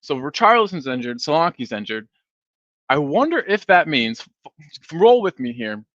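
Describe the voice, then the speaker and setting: A man's voice: fairly high pitch, sing-song, moderate pace, fairly bright tone, no echo. A sleepy man hosting a fan live stream, rambling casually and reading viewer comments aloud. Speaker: fan channel host. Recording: dull, dry stream audio.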